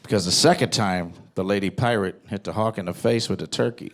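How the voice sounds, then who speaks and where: A man doing stand-up, telling a story in a profane, animated, mock-grandiose way before a live audience. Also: fairly low pitch, brisk. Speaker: stand-up comedian. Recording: live club recording, loud crowd and noise.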